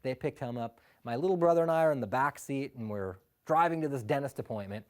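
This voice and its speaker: A man telling a personal story live, animated, often laughing and acting out the quotes. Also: medium pitch, fast.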